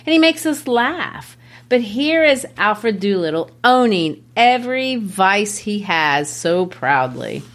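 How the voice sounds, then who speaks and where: A woman's voice: medium pitch, sing-song, slow pace, a bit bright. A woman co-hosting a casual discussion of a play, analytical and amused as she explains it. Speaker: podcast co-host discussing a play.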